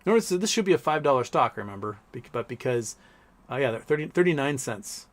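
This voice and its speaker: A man with a mid-range, sing-song voice talks fairly quickly while hosting a casual livestream from home. He rambles about markets, reads viewer comments aloud with some swearing, and slips into baby-talk to coax his pets.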